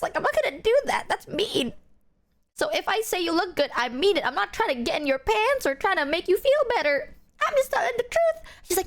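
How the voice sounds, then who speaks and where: A woman's voice: sits high, expressive, normal speed, fairly bright tone. A woman streaming, chatting casually to her chat and stressing her points with insistent repeats. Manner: emphatic, insistent, repeats herself. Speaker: streamer reacting to a clip.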